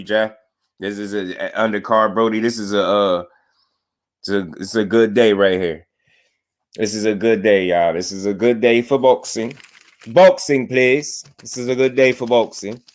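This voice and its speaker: A young man hosting a casual boxing livestream, animated and slangy, talking straight to his chat. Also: medium pitch.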